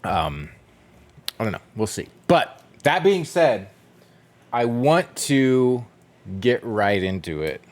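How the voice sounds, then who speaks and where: A man's voice: medium pitch, sing-song, takes it slowly, long pauses. A man chatting casually with viewers while he streams a video game, rambling and chuckling as he goes. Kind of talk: casual gameplay chat.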